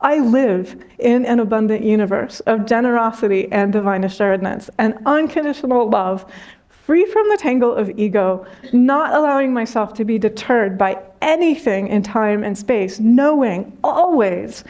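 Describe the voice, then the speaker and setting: Woman spiritual teacher, higher voice, gentle reflective talk after meditation, soft frequent laughter, unhurried. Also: expressive.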